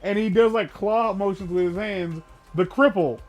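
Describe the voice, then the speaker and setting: A man with a notably high voice on a relaxed gaming podcast, retelling a film in an animated, profane way. He swings from low mutters to loud bursts of emphasis. Faint music runs underneath. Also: moderate pace. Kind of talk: casual chat, retelling a film.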